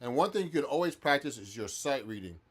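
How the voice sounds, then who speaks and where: Medium in pitch, quick, and expressive, the man is a professional musician who teaches guitar. During a live-stream practice session he chats casually with viewers, answering them with frequent restarts.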